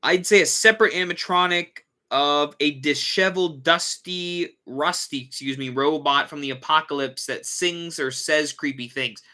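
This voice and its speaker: A man's voice: fairly high pitch, normal speed, few pauses, bright, forceful tone. A man hosting a casual livestream, rambling and correcting himself as he reads and answers viewer questions. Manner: rambling, self-correcting, yawning. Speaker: host.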